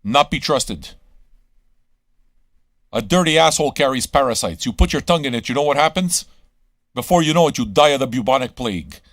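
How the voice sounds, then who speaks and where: A man's voice: medium pitch, animated, fast talker, a bit bright, no room sound, clean studio sound. A man hosting a live radio stream, ranting crudely at his listeners with constant swearing and rhetorical questions. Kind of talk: crude rambling monologue to chat.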